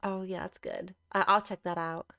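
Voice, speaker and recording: A woman's voice: fairly low pitch, fairly even intonation, normal speed, bright, forceful tone, clean tone. Sarcastic young woman reacting to clips. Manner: teasing, sarcastic, laughs often. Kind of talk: casual reaction commentary.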